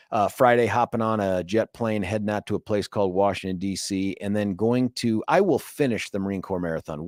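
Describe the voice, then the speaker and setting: A man's voice: on the low side, darkish tone, no room sound, clean studio sound. Chatty, jokey male talk radio host. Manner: chatty storyteller, jokey and self-mocking. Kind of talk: casual talk radio chat. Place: radio studio. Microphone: studio microphone.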